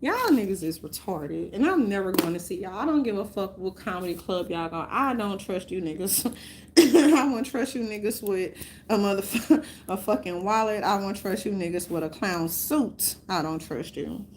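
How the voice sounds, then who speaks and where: A woman's voice: mid-range voice, animated, normal speed, a little mellow, slight background noise. A woman ranting casually to her viewers, rambling and profane, often breaking into laughter. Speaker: vlogger.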